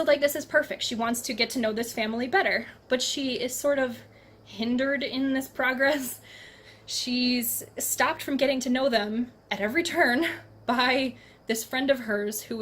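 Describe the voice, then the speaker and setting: A woman's voice: on the high side, steady tone, moderate pace, fairly bright tone. Chatty, bubbly woman reviewing books. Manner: chatty and enthusiastic, laughs often. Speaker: book reviewer. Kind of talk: casual book review vlog.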